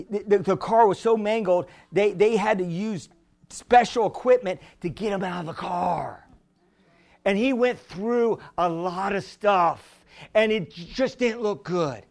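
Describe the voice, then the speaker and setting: A man preaching a sermon as pastor, repeating himself, chuckling through anecdotes and building to shouts. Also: high voice. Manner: repetitive, rising to shouts at the congregation; conversational, tells anecdotes with chuckles.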